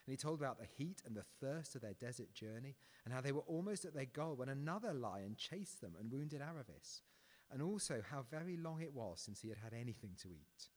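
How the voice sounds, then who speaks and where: Man, pastor, sermon with a story reading, earnest, expressive lilt, long church reverb. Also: mid-range voice, a little fast. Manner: earnest, quietening to a hushed close.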